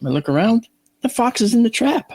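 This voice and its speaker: A man, a guest in an interview, telling lively anecdotes in a casual way, often restarting and repeating words as he acts out the voices in his stories. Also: very high voice, brisk, husky, dry recording. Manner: animated anecdotes, acting out his own and others' lines. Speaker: guest, astronomer and video analyst.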